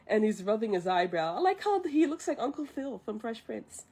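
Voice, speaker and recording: A woman's voice: on the high side, big pitch swings, normal speed, warm tone, slightly rough. A woman streamer casually retelling a film from memory, chatty and amused, sometimes losing her place. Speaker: vtuber streamer.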